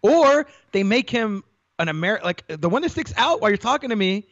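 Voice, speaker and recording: High, lively slangy male co-host. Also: a little fast, highs cut off. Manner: slangy, swears, says bro a lot. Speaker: guest co-host. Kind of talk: casual chat.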